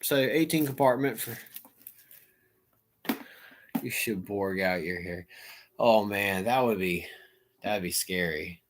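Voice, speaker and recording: A man hosting a casual livestream chat, talking in an animated way and bursting into playful shouting impressions. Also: lowish voice, slow pace, long pauses, background noise. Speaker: livestream host.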